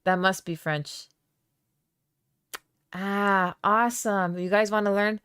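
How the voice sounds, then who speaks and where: A podcast host whose first language is Aramaic chats casually with viewers on a live stream, reading their comments aloud in a loose, playful way full of fillers and quick laughs. Her mid-range voice is fairly bright, clear, and resonant, with fairly even intonation.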